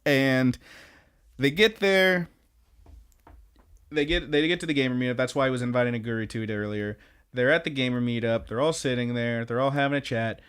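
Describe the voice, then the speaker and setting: A man co-hosts a podcast in easy, casual chat. He recaps scenes with animated energy, acting out the characters' lines and laughing often. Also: mid-range voice, fairly quick, clear, resonant tone. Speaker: podcast co-host.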